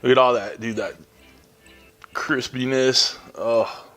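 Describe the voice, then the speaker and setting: A man's voice: medium pitch, fairly even intonation, slow pace, fairly bright tone, soft background music. Chatty man hosting a cooking vlog. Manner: chatty and enthusiastic, talks viewers through each step. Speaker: cooking channel host.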